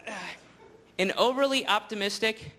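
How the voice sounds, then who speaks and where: A man's voice: sits high, moderate pace. Rambling male stand-up comedian. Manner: rambling storytelling with many fillers and restarts. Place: live theater stage before an audience. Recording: live show with loud crowd noise.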